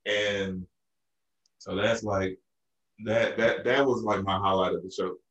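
A man's voice: on the low side, fairly even intonation, normal speed, fairly bright tone, recorded from a distance, dull audio. A man from Arkansas telling a rambling story in casual chat, with many restarts and fillers. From Arkansas, USA. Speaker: podcast co-host. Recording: roomy echo, a bit off-mic.

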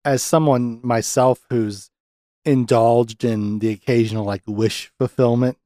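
Dude on a podcast going off about a movie, does goofy high voices for the characters, laughs a bunch, dry mic. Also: male voice, measured pace, no room sound. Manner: animated, acts out characters' lines in high voices, laughs often. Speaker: podcast host. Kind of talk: casual film review chat.

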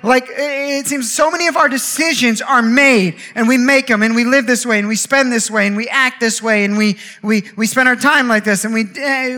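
A man preaching a sermon with impassioned delivery, piling up rhythmic repeated phrases and building up to shouts. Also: extremely high pitch.

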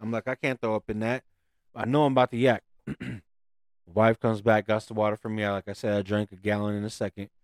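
A man telling a profane, animated story in casual chat on a podcast. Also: lowish voice, fairly quick, clean tone, no room sound, clean studio sound.

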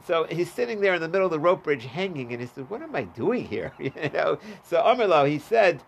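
A man's voice: fairly high pitch, animated, fairly quick, vocal fry, a little hiss or hum. A man teaching a Talmud class, reading the Aramaic and translating it in a casual, chatty way. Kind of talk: daf yomi Talmud class.

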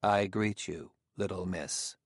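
A man doing a formal male robot servant, low and gravelly, subdued and stiff. The voice stays dry and measured, like a polite machine in a storybook. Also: fairly even intonation, dry recording, exaggerated voice.

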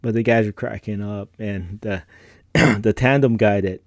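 A man's voice: lowish voice, a little slow, no echo. A middle-aged man hosting a podcast, telling personal stories in a laid-back, rambling way with slang and frequent laughter. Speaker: podcast host. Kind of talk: casual personal storytelling.

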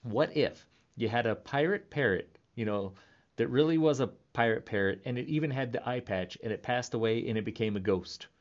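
A man's voice: lowish voice, highs cut off. A man in his thirties rambling playfully in a casual monologue, laughing often. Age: 30s. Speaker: vlogger.

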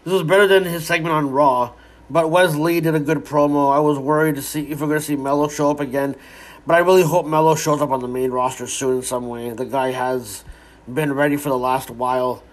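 A man's voice: fairly high pitch, fairly even intonation, fairly quick. A man giving a casual, rambling recap of a wrestling show, with frequent restarts and some swearing.

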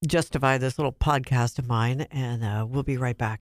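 A man's voice: mid-range voice, normal speed, no echo, clean studio sound. A man hosting a podcast, chatty, with joking asides. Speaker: podcast host. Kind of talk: conversational interview.

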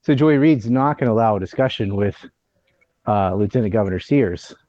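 A man's voice: lowish voice, expressive, fairly quick, highs cut off. A man hosting a casual political chat, blunt and opinionated, ranting about the news.

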